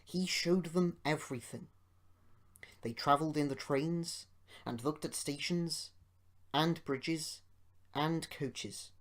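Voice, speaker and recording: A man reading a children's storybook aloud as an amateur audiobook narrator, in a measured, expressive way. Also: a little high.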